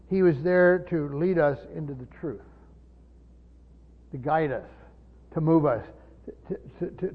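A pastor teaching a congregation in a church, speaking emphatically and firing off rhetorical questions. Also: male voice, fairly high pitch. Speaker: pastor teaching Bible study. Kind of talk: teaching sermon. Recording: dull lo-fi recording with long hall reverb.

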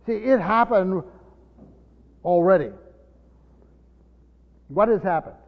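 A man's voice: expressive, takes it slowly. A man preaching a Bible-teaching sermon in a teacherly way, often repeating words as he explains. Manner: teacherly, repeats words, drops low for scripture. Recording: dull recording in a long-reverb hall.

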